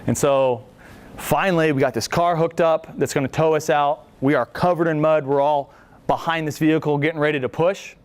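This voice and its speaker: A man's voice: on the high side, fairly even intonation, moderate pace. A man in his thirties, a veteran speaker telling a casual, joking story to an audience and acting out the quotes. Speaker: veteran speaker at a library talk. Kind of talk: storytelling presentation.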